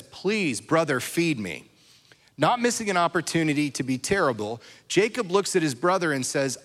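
A man's voice: mid-range voice, fairly bright tone. A man preaching a sermon as pastor, talking in a conversational way and checking in with his listeners. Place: church. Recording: reverberant hall.

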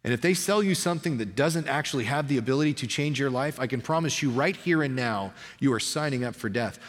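A pastor giving a sermon in an energetic, conversational way, often restarting his sentences. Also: mid-range voice, quick pace, in a large hall.

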